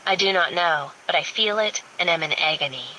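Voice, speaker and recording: A woman voicing a gentle, heartsick young woman who speaks softly and placatingly. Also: fairly low pitch, expressive, brisk, slight background noise, low-quality recording. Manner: soft, placating.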